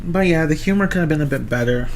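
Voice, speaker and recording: The livestream film reviewer here is a young man with a rather high voice who talks fast, with a little hiss or hum present. He rambles casually, frequently starting sentences over, swearing now and then and reacting to what chat says.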